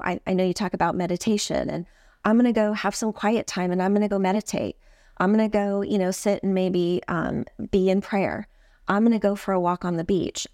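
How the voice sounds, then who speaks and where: A woman with a lower voice talks through parenting advice as an interview guest, slipping into little quoted lines a parent might say. The sound is dry and close, with no room around it. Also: no echo. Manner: warm, explanatory, acts out parent-child quotes. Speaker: trauma expert guest. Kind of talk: podcast interview.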